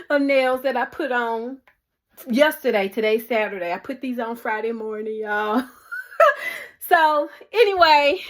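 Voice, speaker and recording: A woman chatting casually to her viewers in a home DIY vlog, laughing often as she talks. She records on a camera on a selfie stick inside a small walk-in closet. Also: on the high side. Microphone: camera on a selfie stick or mini tripod.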